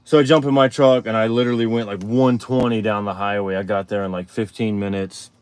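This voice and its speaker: A man with a fairly low voice hosts a live stream. He tells a story casually, rambling and stopping to restart his sentences, with plenty of fillers. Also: fairly even intonation, brisk, clean tone, no echo. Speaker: show host.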